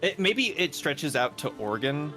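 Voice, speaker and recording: A man hosts a live gaming stream with music playing, chatting casually, rambling and laughing often. His voice is a little high and very animated, at a normal speed.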